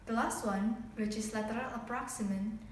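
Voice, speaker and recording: A woman student presenting a scripted phonetics lesson in a measured reading voice. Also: on the high side, fairly even intonation, far from the mic, a little hiss or hum. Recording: echoey room, away from the mic.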